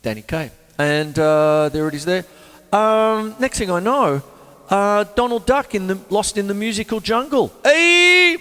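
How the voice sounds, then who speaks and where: A man hosting a drum show, teaching in a casual, chatty way and counting beats out loud. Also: sits high, normal speed. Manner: animated, counts beats aloud in rhythm. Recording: long reverb with drum music behind.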